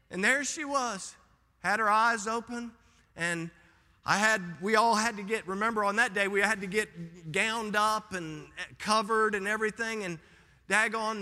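A man preaching a sermon as pastor, fervent and calling out to the congregation, now and then rising to shouts. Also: sits high, long reverb tail.

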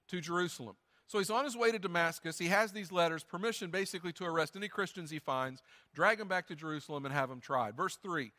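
A man's voice: high-pitched, bright, forceful tone, long reverb tail. A man preaching a sermon as pastor, reading scripture aloud and adding conversational, joking asides. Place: church sanctuary.

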